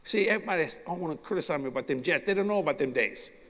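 A male preacher telling a personal story in a folksy, animated sermon style. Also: fairly high pitch, racing. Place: large meeting hall. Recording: long reverb of a large hall.

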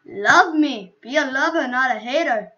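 A woman's voice: sits high, expressive, unhurried, bright, forceful tone, dull audio. A woman streaming a game, chatting casually to viewers in a playful, rambling way with silly asides, on a computer microphone. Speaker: gaming streamer.

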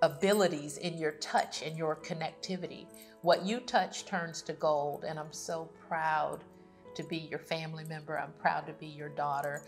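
A woman's voice: low-pitched, fairly even intonation, moderate pace, soft background music. A woman giving a heartfelt tribute as a daughter, affectionate and close to tears. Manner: emotional, affectionate, near tears.

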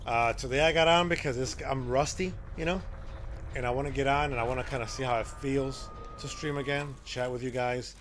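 A man live-streaming a game, chatting casually with his viewers and reacting loudly to the action. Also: medium pitch, fairly even intonation, brisk, a little hiss or hum.

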